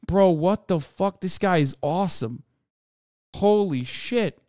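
A man's voice: sits high, lively intonation, slow, dark tone, no room sound, clean studio sound. A man streaming live and reacting with profane, incredulous, joking commentary. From United States.

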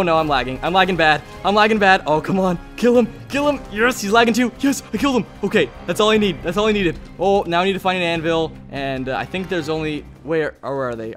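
An excitable young man commenting on his gameplay, his voice sitting a bit high and swinging lively up and down. He chats to the other players and bursts into shouts. Faint music plays behind him. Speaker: gaming channel host.

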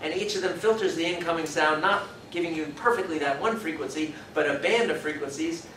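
A man's voice: on the high side, brisk, a bit bright, far from the mic, slight background noise. Man lecturing in an echoey hall. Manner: explanatory, thinks aloud, demonstrates vowel sounds. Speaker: university lecturer. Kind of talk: classroom lecture.

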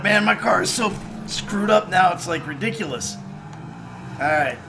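A man's voice: high voice, lively intonation, moderate pace, creaky, over music. Laid-back chatty man streaming a game. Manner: laid-back, chatty, laughs and swears freely. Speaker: actor streaming a game playthrough. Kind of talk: casual live-stream chat, reading viewer comments.

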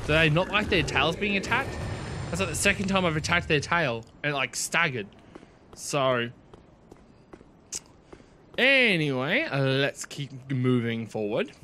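Lively, excitable man narrating a game. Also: on the high side, a little hiss or hum. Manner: excitable, chatty, talks to himself and the viewers. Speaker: let's play host. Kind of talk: casual gameplay commentary.

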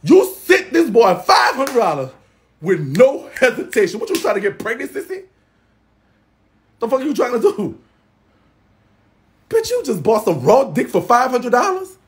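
A man giving casual gossip commentary in a sassy, profane, dramatic way, with loud exclamations and laughing. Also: very high-pitched, wildly swooping pitch, a little slow, pauses often. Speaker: gossip vlogger.

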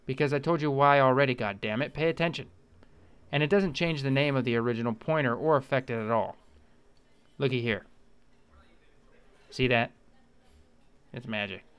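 This man's mid-range voice is smooth and fairly bright as he narrates a screen-recorded computer tutorial. He's irreverent and rambling, drifting into comedic, profane tangents.

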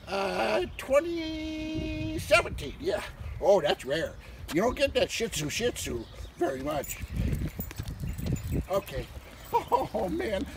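A man voicing an excitable, crude male dog who rambles and gets distracted by smells on a walk, recorded outdoors from a distance with loud background noise. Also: sits high, gravelly, exaggerated voice. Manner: giddy, rambling, distractible sniffing talk.

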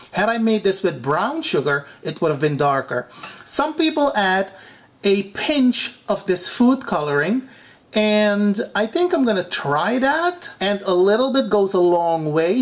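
An animated man from Suriname hosts his own cooking vlog. He keeps turning to the viewers as "you guys", and his voice jumps from low to high from one phrase to the next. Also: a little hiss or hum. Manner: big swings in pitch. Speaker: cooking show host.

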